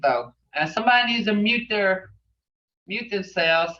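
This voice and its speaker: A woman's voice: medium pitch, animated, measured pace, bright, forceful tone, recorded from a distance, dull audio, slight background noise. A woman teaching a language class online, rambling with many fillers and repeating phrases.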